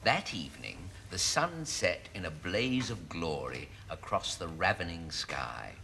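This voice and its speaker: A prim, flustered hospital reader. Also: male voice, low voice, big pitch swings, a little slow, vocal fry, bright, forceful tone, heavily acted. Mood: solemn reading. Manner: prim, apologetic, giggling. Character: prim, easily flustered man reading a racy novel to patients. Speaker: hospital volunteer reading aloud. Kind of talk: sketch comedy acting. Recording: heavy hiss on an old broadcast recording.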